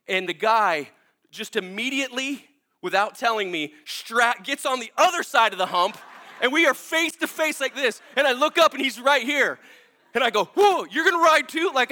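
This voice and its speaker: Bright, high-voiced pastor telling a story. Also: male voice. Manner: animated, laughing, casual storytelling with frequent fillers. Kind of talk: storytelling sermon.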